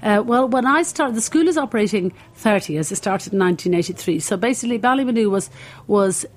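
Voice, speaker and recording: A woman's voice: medium pitch, lively intonation, fast. A woman in her sixties with an Irish accent, the founder of a cooking school, telling long stories in a rambling way full of fillers and restarts. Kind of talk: reflective anecdotal storytelling.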